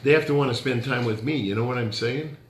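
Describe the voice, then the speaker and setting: A man's voice: medium pitch, fast, roomy sound, slight background noise. A male pastor giving a conversational sermon, joking and challenging his listeners directly.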